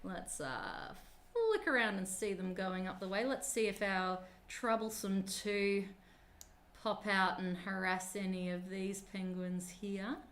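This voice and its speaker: A woman's voice: medium pitch, fairly even intonation, slow pace, a bit bright. A woman hosts a live stream in a chatty, upbeat way. She talks straight to the children watching at home. Her tone is casual and friendly. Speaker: live-stream presenter at a penguin nature park.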